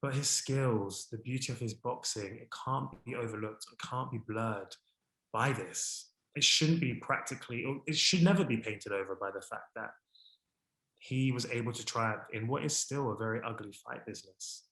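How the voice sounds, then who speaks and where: Expressive man in an echoey room. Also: moderate pace. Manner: expressive, warm about his subject, rises in pitch and volume when excited; reads a French poem aloud with care. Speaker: speaker giving a history talk. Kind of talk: presentation to an online audience.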